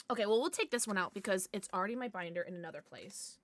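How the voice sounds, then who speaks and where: Bubbly lady streamer, bright voice, swears a bit, dry sound. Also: mid-range voice, racing, no echo. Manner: bubbly, excitable, swears casually. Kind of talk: casual livestream chat.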